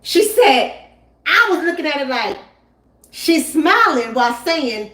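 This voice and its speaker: High-voiced emphatic woman storyteller. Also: a little slow, roomy sound. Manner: emphatic, animated, repeats lines for effect. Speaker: relationship coach and channel host. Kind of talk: live-stream storytelling, replying to chat.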